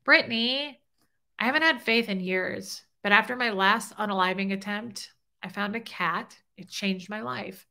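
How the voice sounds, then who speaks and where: A woman's voice: medium pitch, normal speed, creaky, bright, forceful tone. A middle-aged woman hosting a casual livestream, talking openly and emotionally while reading viewer comments. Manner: heartfelt, openly emotional, chatty. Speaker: livestream host.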